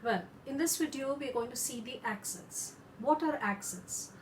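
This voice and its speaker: Woman french teacher, kinda high voice, goes slow and careful, faint background hum. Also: animated. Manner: slow, careful explanations with repeated examples. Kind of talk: instructional lesson. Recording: echoey room.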